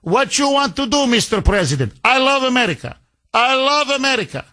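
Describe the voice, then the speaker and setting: A man's voice: extremely high pitch, big pitch swings, fairly quick, bright, forceful tone, voice pushed up, exaggerated voice. A man putting on a mocking impression of a groveling, sycophantic middle-aged foreign president. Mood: fawning.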